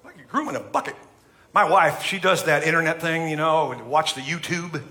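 A man's voice: on the high side, a little fast, pushed and bright. A middle-aged man from the United States preaching a sermon in a chatty, humorous way, acting out what people say. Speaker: pastor.

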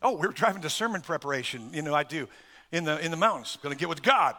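A middle-aged man pastor preaching a sermon, swinging between loud emphatic stresses and soft asides and chuckling through lists. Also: fairly high pitch, lively intonation, fast talker.

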